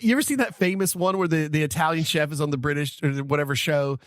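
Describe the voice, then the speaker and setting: A man's voice: on the high side, fast talker, fairly bright tone, no echo, clean studio sound. A man co-hosting a casual podcast chat, telling stories animatedly and laughing often. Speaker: podcast co-host.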